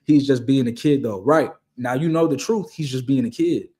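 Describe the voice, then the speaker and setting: A man's voice: mid-range voice, moderate pace, mellow. A young man hosting a Q&A, talking casually and giving motivational advice, repeating his key points and using slang. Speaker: host answering viewer questions.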